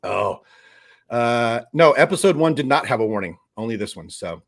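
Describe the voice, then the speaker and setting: Male live-stream host, animated pitch, reads chat aloud, excitable. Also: moderate pace. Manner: lively, reads out chat comments with excited outbursts. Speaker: host of a live fan show.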